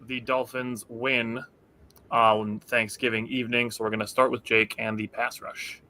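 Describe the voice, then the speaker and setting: A man hosting a casual sports chat over a remote call, talking quickly and correcting himself as he steers the conversation. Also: mid-range voice, little pitch movement, sharp tone. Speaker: podcast host.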